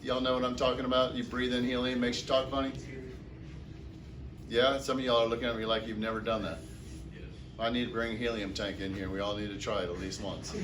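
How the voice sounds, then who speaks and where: A man's voice: medium pitch, flat delivery, a little fast, noisy background. A man teaching chemistry to a classroom, asking the class questions and answering them himself. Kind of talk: classroom lecture. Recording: echoey classroom from far off.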